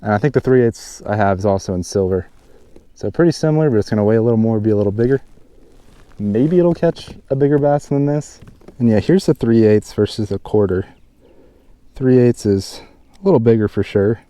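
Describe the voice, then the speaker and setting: A man hosting a fishing vlog, chatting casually outdoors by a mountain pond and getting excited over each catch. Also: fairly low pitch, moderate pace, no echo. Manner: chatty, excited when hooking fish. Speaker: fishing channel host.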